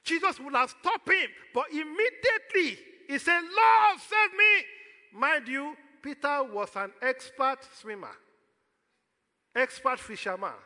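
A man's voice: extremely high pitch, lively intonation, a little slow, bright, forceful tone, long reverb tail. A man with a Nigerian accent preaching a sermon as pastor, throwing questions out to the congregation for them to answer.

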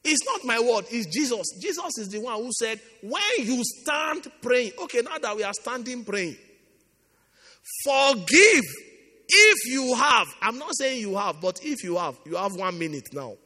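A pastor leading a fervent prayer meeting, urging and repeating his lines, swinging from soft pleading to shouting. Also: high-pitched, animated, brisk, hardly any pauses, in a large hall. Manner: impassioned, repetitive exhortation, swings from soft to shouting.

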